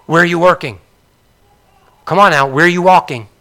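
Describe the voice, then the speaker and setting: Older guy preaching, high bright voice, chatty, keeps asking the crowd stuff, goes loud then real quiet. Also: normal speed. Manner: conversational, questions the audience, swings between loud and soft. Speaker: pastor. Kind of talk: sermon.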